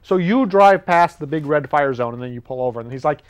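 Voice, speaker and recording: A man's voice: on the high side, expressive, clean tone, dull audio. Rambling man, comic monologue. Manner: rambling, self-mocking, acts out dialogue in quick voices. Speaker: host of a public access talk show. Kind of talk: casual comedic monologue. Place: TV studio.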